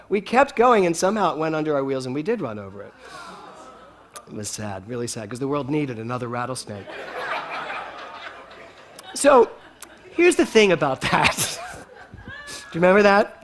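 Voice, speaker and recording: Lively, laughing male preacher telling stories. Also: on the high side, moderate pace, pauses often. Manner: animated, laughing storyteller. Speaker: speaker at a spiritual center. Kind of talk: storytelling sermon to a congregation.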